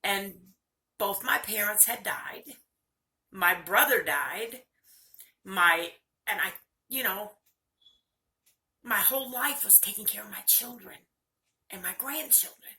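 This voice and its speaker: An older woman speaks straight to her viewers in a personal video, candid and earnest. Her voice is bright, and the talk feels close and confessional. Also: medium pitch, takes it slowly, long pauses. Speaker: vlogger.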